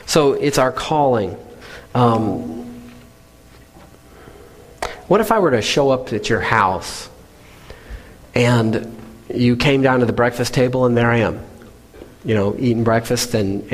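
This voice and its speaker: A male pastor gives a sermon in a church sanctuary, earnest and conversational, breaking off now and then for casual asides. His voice sits at an ordinary middle pitch. A long reverb trails each phrase through the hall. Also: unhurried, pauses often.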